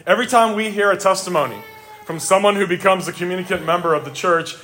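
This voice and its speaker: A middle-aged male pastor preaches a sermon quickly, earnest and emphatic. He rises to exclamations, then drops low for quiet, reflective asides.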